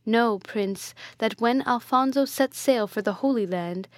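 A stern elderly friar speaks slowly and with solemn command, read by a woman. The sound is close and dry, with a slightly raised pitch. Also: dry recording, close to an everyday voice. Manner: solemn, slow and weighty.

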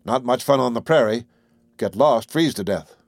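A man playing a gruff, unflappable country doctor who gives brusque, clipped orders. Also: medium pitch, normal speed, no echo, lightly acted.

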